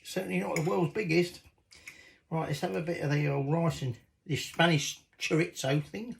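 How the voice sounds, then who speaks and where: A man's voice: fairly high pitch, moderate pace, vocal fry, a little hiss or hum, rough recording. A man chatting cheekily while cooking in his home kitchen, swearing casually as he goes. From Britain.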